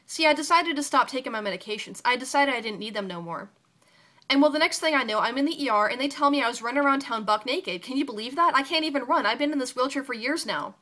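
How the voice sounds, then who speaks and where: A woman's voice: high voice, lively intonation, fast talker, sharp tone, voice pushed up. A woman voicing an old man in a wheelchair who jokes about his past on a psych ward. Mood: joking. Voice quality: hoarse laugh.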